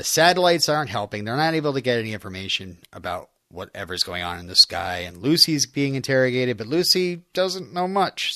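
A man co-hosting a casual recap podcast walks through the plot of an episode. His voice is bright and forward and sits in the middle range. The recording is dry and close, with no room sound. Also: mid-range voice, dry recording. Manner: recaps plot, laughs often, self-deprecating jokes. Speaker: podcast co-host.

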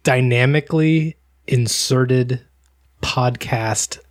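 A man's voice: mid-range voice, slow. A man with an American accent, co-hosting a podcast in casual chat, sardonic and emphatic as he tells stories. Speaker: podcast co-host.

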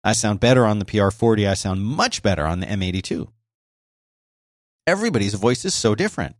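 A man talks through his podcast in a relaxed, explanatory way, often restarting his sentences. His voice sits on the low side. The sound is close and completely dry, with no room around it. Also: fairly quick, no echo. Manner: conversational, explanatory, frequent restarts. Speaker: podcast host. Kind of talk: casual solo podcast talk about microphones. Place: home office by a busy highway. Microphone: close dynamic microphone with noise gate.

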